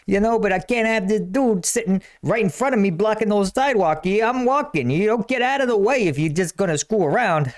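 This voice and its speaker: A man voicing an impatient, brash Jersey man in a hurry who talks fast and pushes past people. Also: sits high, animated, pitched above the performer's own voice. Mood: pushy. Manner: pushy, fast-talking, self-important.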